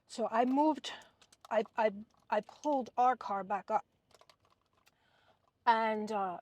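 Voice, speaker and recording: A woman vlogger chatting casually in a car, telling a neighbor story and acting out the people in it. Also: a little high. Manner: animated, acts out quoted people.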